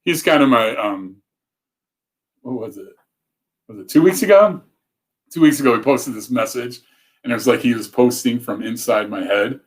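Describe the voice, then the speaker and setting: A man's voice: mid-range voice, moderate pace, long pauses. A man hosting a casual livestream talk, chatty and rambling, often breaking off mid-thought to read comments. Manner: rambling, self-interrupting, chatty. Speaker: show host.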